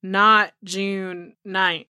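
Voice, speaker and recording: A woman's voice: medium pitch, flat delivery, extremely slow, sharp tone, clean tone, no echo, studio quality. A woman co-hosting a true crime podcast, rambling and exasperated, full of "like"s. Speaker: podcast co-host. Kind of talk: casual podcast chat.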